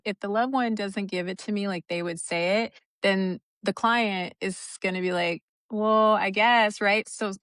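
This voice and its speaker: A woman's voice: medium pitch, a bit bright, clear, resonant tone, no room sound, studio quality. A woman guest, a psychic medium, talking in a chatty way and laughing between phrases. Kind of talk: casual chat.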